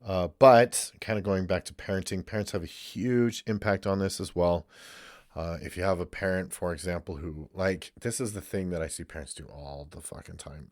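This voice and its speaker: A man's voice: low-pitched, a little mellow, no echo, clean studio sound. A male counselor talking casually and candidly to camera, swearing freely and rambling through asides. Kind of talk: casual monologue.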